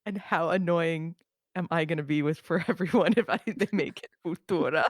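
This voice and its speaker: A woman's voice: on the low side, moderate pace, no echo, studio quality. A woman co-hosting a podcast in casual chat, joking and playful. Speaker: podcast co-host.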